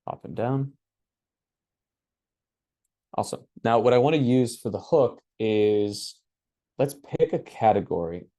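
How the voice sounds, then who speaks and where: A man hosting a workshop, walking through his screen in a relaxed, casual way and thinking aloud with many fillers. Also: mid-range voice, a little slow, pauses often, dry recording, clean studio sound. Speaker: workshop host. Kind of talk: casual screen-share walkthrough.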